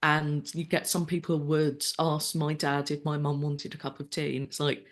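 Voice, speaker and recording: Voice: mid-range voice, monotone, normal speed. An adult speaker, talking as a podcast panelist in a thoughtful, conversational way. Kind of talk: casual panel discussion.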